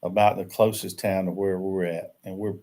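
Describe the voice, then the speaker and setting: A man's voice: low voice, flat delivery, normal speed, dark tone. An older man, chatting and joking easily as host of a casual live stream from a rural camp.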